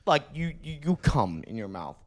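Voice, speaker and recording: Animated, swearing podcast guy. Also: medium pitch, normal speed. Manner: animated, profane storytelling with mimicked voices. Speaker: podcast co-host. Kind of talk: casual chat.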